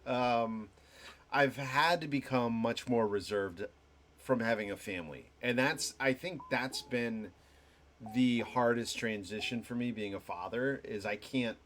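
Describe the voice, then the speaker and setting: A young man hosting a live stream, talking in a halting, reflective way with many restarts and fillers. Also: mid-range voice, fairly bright tone, slight background noise. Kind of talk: rambling reflective monologue to chat.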